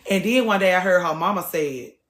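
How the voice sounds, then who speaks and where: A woman's voice: on the low side, lively intonation, fairly quick. Woman, live-stream host, blunt, preachy, cursing, echoey room. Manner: blunt, preachy, swears freely. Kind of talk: casual live-stream talk to viewers.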